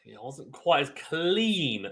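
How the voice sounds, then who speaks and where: A young man hosting a live tennis watchalong, giving excitable play-by-play with sudden bursts of loud surprise and chatting with viewers. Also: on the high side, unhurried. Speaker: watchalong host.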